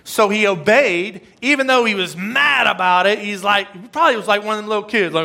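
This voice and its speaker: Speaking briskly with a creaky, high-pitched voice and few pauses, a pastor preaches in a casual, conversational style. His delivery swings from booming asides to quiet emphasis.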